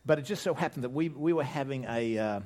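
A man with an Australian accent preaching a sermon as pastor, animated, joking, and often restarting his sentences. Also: medium pitch, fast talker. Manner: animated preaching with jokes and frequent restarts, voice swelling for emphasis.

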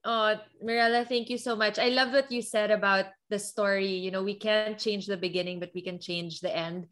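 A woman's voice: medium pitch, steady tone, moderate pace, a bit bright. A woman hosting an interview, appreciative and reflective as she sums up what her guest said. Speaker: host. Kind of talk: conversational interview.

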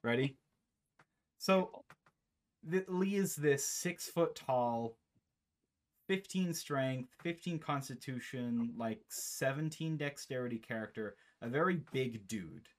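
A man's voice: medium pitch, takes it slowly. Young man rambling through a game recap. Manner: rambling, animated storyteller. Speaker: podcast host and game master. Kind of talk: casual chat, recapping a campaign. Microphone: online call.

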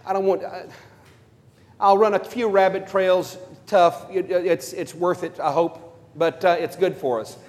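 A priest preaching at a conference, emphatic and telling stories with playful asides. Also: male voice, sits high, steady tone, measured pace. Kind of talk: conference sermon. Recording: long hall reverb.

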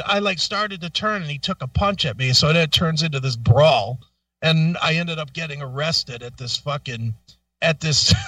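Bright, animated, cursing male storyteller. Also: fairly high pitch, dry recording, distant mic. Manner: profane, animated storyteller acting out quotes. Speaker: radio show co-host. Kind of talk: casual storytelling chat.

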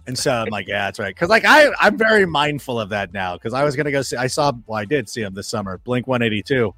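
A man with a lively, swooping pitch talks football as a studio guest. He tells his stories with flair, acting out what people said and swearing freely. The sound is dry and close, with faint music under it. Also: fast talker, no room sound. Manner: animated storyteller, acts out quoted remarks, swears freely. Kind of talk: casual sports chat.

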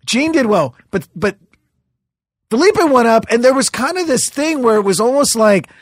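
As a podcast guest, a middle-aged comedian with a higher-than-usual voice spins old stories in a casual chat. He speaks at a moderate pace in animated bursts, swears freely and restarts sentences, all captured in a dry, close recording.

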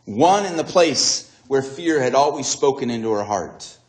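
A man delivering a sermon in the style of a dramatic storyteller. His voice sits at a middle pitch, rising and falling as he acts out the voices of the story. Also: lively intonation, unhurried, echoey room. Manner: dramatic storytelling, acting out dialogue with swings in pitch and volume. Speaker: preacher.

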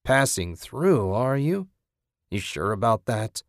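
A man's voice: mid-range voice, very animated, slow pace, dry recording, studio quality. A man voicing a scruffy male squatter who grumbles, cackles and sneers. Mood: mocking. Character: gruff scruffy male squatter, mocking and territorial.

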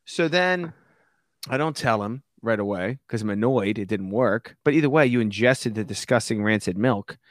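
Male podcast guest, lively storyteller who acts out other people's voices, dry close sound. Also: on the low side, normal speed, no room sound. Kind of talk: casual storytelling chat.

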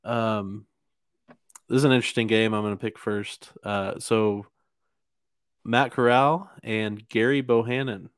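A man's voice: fairly low pitch, fairly even intonation, measured pace, pauses often, smooth, dry recording, studio quality. A man hosting a casual sports podcast, talking with many fillers and restarts. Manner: hesitant, lots of fillers and restarts. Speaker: podcast host.

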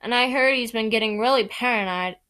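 A man's voice: very high voice, fairly quick, bright, forceful tone, clear, resonant tone. A woman reading aloud, voicing a friendly young man eagerly explaining something. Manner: chatty, explanatory.

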